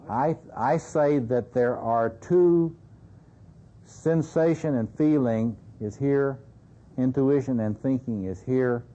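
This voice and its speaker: On a dull, lo-fi lecture recording, a man with a mellow mid-range voice talks through a seminar in a conversational style. He keeps turning to his audience with "you see."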